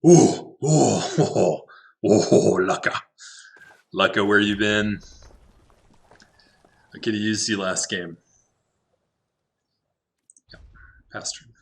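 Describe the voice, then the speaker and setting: A man's voice: fairly low pitch, extremely slow, creaky, long pauses. A man giving casual gameplay commentary, talking to himself in a wry way and laughing at his own jokes. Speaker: game streamer.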